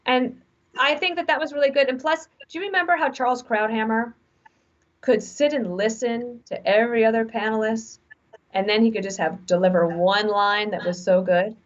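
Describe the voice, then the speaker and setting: A woman in her forties, speaking as an interview guest who gives frank, animated advice through stories. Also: fairly high pitch, normal speed. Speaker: guest author. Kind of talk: conversational interview. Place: remote video call. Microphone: video call mic. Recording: dull lo-fi video call audio.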